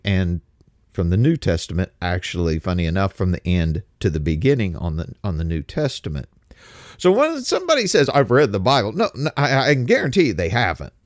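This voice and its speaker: A middle-aged man speaking in a casual spoken monologue, halting with many restarts and rhetorical questions. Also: fairly low pitch, a little mellow, no room sound, studio quality.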